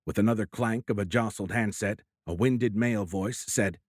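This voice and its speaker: A man with a low, measured voice narrates a thriller audiobook in scripted narration. His delivery is dramatic yet steady, and the recording is close and dry with no room sound.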